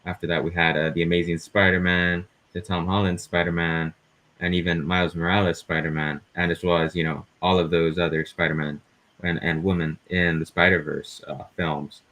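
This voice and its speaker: A man's voice: low voice, flat delivery, normal speed, a bit bright. A man hosting a casual interview, asking long, winding questions. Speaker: host.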